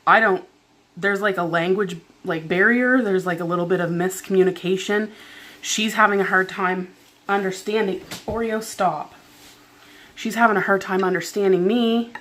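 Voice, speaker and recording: At home, a woman vlogger chats through an exasperated retelling, leaning on "like" again and again. Her voice is on the low side with a fairly bright tone.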